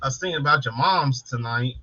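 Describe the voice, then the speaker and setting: A man's voice: medium pitch, fast, sharp tone, dull audio, slight background noise. A man co-hosting a casual late-night live stream, joking, swearing and calling out chat viewers by name.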